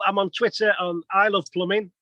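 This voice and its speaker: A man's voice: high voice, level tone, fairly quick, bright, forceful tone, rough recording. A man, a plumber telling stories as a guest in a casual interview. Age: 50s. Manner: chatty storyteller, many restarts.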